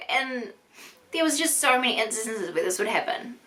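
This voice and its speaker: A woman's voice: sits high, expressive, fairly quick, sharp tone. A 25-year-old woman with a New Zealand accent tells a personal story to camera, frank and chatty, with lots of "like" fillers. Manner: frank and chatty, heavy use of "like". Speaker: vlogger. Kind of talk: candid storytime monologue.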